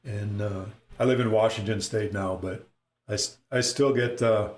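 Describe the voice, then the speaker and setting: A middle-aged man with a northern Minnesota accent, chatting excitedly while commenting on his own play. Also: lowish voice, normal speed. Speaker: streamer. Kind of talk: casual live-stream commentary. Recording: echoey room with loud noise.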